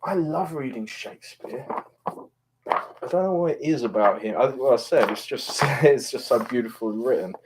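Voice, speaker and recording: A man's voice: mid-range voice, moderate pace, noisy background. A man casually talking about a play he just read, hesitant and rambling with many fillers but enthusiastic. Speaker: reader discussing Shakespeare. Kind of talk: casual spoken commentary.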